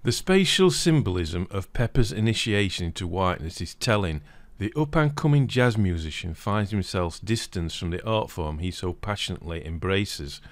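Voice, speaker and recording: A man narrating a scripted video essay in a steady reading voice. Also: sits low, normal speed, no echo. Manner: steady reading, livelier when reading quoted passages.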